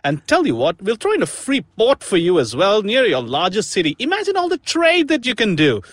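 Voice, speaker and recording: A man's voice: high voice, huge pitch swings, a little fast, fairly bright tone, no echo, studio quality, pitched above the performer's own voice, heavily acted. A man putting on a swaggering mock-Aussie bloke. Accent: put-on Australian. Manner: mocking, wheedling, swaggering. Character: China personified as a brash, scheming Aussie bloke.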